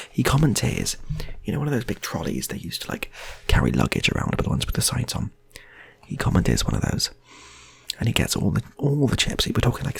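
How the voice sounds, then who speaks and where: A man's voice: medium pitch, gravelly, slightly rough, no room sound. A man improvising funny stories in a rambling, playful way, often restarting his sentences. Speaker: storyteller. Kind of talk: improvised comic storytelling.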